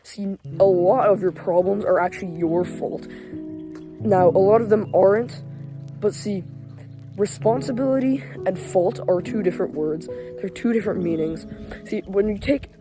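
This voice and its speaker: A man's voice: high-pitched, unhurried. Young man ranting profanely over music. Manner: profane, emphatic, heavy use of 'like' fillers. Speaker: motivational vlogger. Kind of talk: casual motivational rant. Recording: voice over clear background music.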